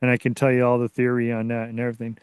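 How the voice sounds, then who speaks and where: A man being interviewed as a researcher, telling a story in a casual, excitable way that rambles and restarts. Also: medium pitch, rapid-fire, smooth, no echo, clean studio sound. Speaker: guest, Bigfoot researcher.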